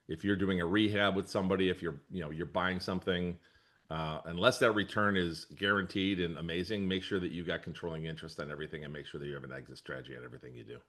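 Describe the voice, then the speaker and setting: A man's voice: deep voice, fairly bright tone. A middle-aged man, a brokerage leader answering interview questions in a rambling, easygoing way, often correcting himself and laughing.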